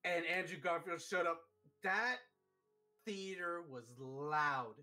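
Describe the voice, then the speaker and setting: A man hosting a live stream, chatting casually and telling stories excitedly, with lots of fillers. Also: fairly high pitch, slow, faint music behind. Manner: excitable, animated storytelling with many fillers. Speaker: streamer host. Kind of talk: casual chat.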